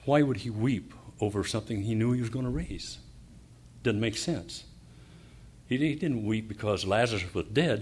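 A man preaching a sermon, reading verses and explaining them, pausing often with fillers and restarts, then building up to fervent emphasis. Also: lowish voice, a little mellow, husky.

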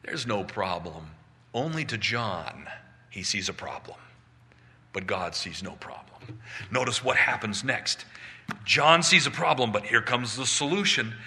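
Bright-voiced preacher with long reverb. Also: male voice, lowish voice, animated, measured pace. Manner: dramatic storytelling with swings in volume. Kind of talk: sermon, Bible teaching. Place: outdoors.

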